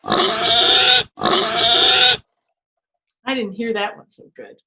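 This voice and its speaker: A woman hosting a children's museum storytime lesson, playful and animated, making animal noises and sound words for young kids. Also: fairly high pitch, unhurried, heavy background noise.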